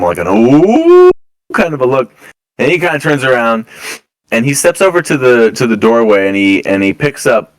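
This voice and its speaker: Casually narrating man, slightly low voice. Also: poor audio. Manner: casual, halting, many fillers and laughs. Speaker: game master. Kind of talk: narrating a tabletop game.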